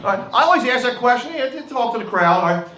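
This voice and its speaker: A man's voice: very high voice, big pitch swings, fast, pushed and bright. A middle-aged man with a Philadelphia accent doing a rambling, brash stand-up comedy set on a club stage. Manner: brash, rambling, with frequent "all right" and "okay". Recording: echoey club room with crowd noise.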